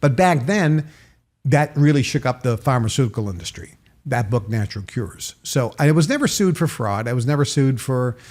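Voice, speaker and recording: An older man from Massachusetts, a podcast guest telling animated stories and acting out quoted dialogue with sudden jumps in pitch. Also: normal speed. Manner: emphatic, acts out quoted dialogue with raised pitch. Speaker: podcast guest, author and marketer. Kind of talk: animated interview storytelling.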